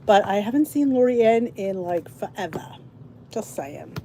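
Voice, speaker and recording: A middle-aged woman with an animated, mid-range voice speaks at normal speed over background noise. Hosting a casual livestream, she chats to her live viewers in a rambling, tired-sounding way.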